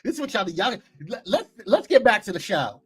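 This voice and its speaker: This high-pitched man talks briskly as host of a live morning talk show. He's animated and playful, teasing and chatting with lots of laughter while reading out viewer comments and sharing gossip.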